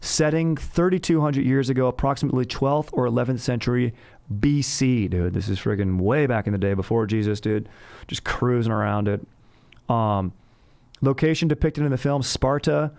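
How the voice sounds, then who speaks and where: A man's voice: medium pitch, a little mellow, clear, resonant tone, dry recording. A young man hosting a casual movie review chat, slangy and bro-ish, calling everyone dude. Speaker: host.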